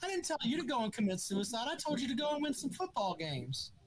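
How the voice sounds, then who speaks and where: A man's voice: very high voice, big pitch swings, fast. A man hosting a sports podcast, taunting an angry caller by repeating the same jab and adding a mock-polite "sir". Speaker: podcast host. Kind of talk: heated sports call-in argument.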